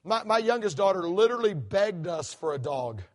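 A middle-aged man preaching a sermon in a church, animated, with many restarts. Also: high-pitched, normal speed. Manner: animated, acts out quoted voices, many restarts. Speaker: guest preacher. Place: church sanctuary.

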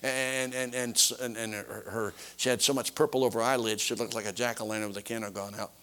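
A man preaching a sermon, telling a story in a folksy, animated way. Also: mid-range voice, fast.

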